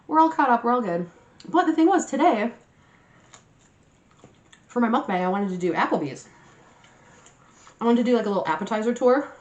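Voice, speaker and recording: A young woman vlogger chatting casually to her viewers, telling a story in a lively, animated way and swearing freely. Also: fairly low pitch. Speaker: mukbang vlogger. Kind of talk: casual storytime chat to camera. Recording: roomy echoey room.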